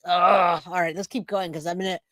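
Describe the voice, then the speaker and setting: A woman's voice: lowish voice, steady tone, fast talker, no echo. A woman hosting a livestream, reacting emphatically to clips and reading out viewer chats. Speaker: livestream host. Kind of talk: casual livestream commentary.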